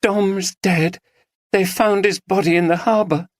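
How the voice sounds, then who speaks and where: A narrator voicing a shaken but determined young woman, earnest and steady. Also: medium pitch, a little slow, dry recording, voice pushed up, lightly acted. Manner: earnest, resolute.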